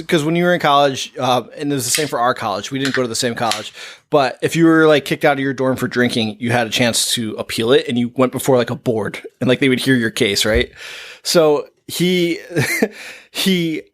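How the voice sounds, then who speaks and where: A man hosting a horror movie podcast, telling a long college anecdote with frequent chuckles and side remarks in casual chat. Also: medium pitch. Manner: laughing storyteller, fond of digressions. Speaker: podcast host.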